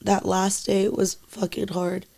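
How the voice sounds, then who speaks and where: Young woman with vocal fry, halting. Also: mid-range voice, level tone. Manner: halting, full of "like" and frequent swearing; quietly emotional, sometimes trailing into near-whispers. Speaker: podcast co-host. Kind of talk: casual podcast chat.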